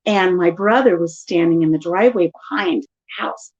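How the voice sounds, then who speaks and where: A middle-aged woman casually telling stories in an animated way during a live chat at home. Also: lowish voice, normal speed, highs cut off. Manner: chatty, animated storytelling. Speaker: vlogger.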